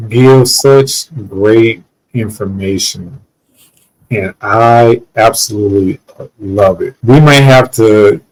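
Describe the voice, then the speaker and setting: Male podcast host, unhurried and affirming. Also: mid-range voice, darkish tone, poor audio. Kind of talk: conversational podcast interview.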